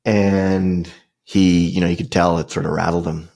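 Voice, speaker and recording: Gravelly low-voiced middle-aged man storytelling. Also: little pitch movement, normal speed, a little mellow. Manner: rambling, loose delivery with many fillers and restarts. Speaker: podcast host. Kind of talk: casual personal storytelling.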